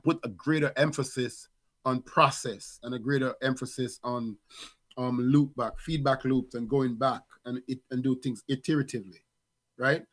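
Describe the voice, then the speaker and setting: A man's voice: mid-range voice, fairly even intonation, moderate pace. A middle-aged man and father co-hosting a podcast, talking in a reflective, casual way with many restarts and fillers. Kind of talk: casual conversation.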